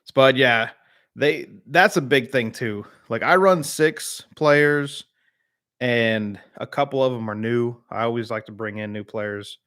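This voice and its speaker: Man from the U.S. South, casual stream host, chatty and rambling, mid pitch. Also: unhurried, a bit bright. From Southern United States. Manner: rambling, filler-heavy, replies to chat by name. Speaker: streamer hosting a live chat. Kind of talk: casual live-stream chat.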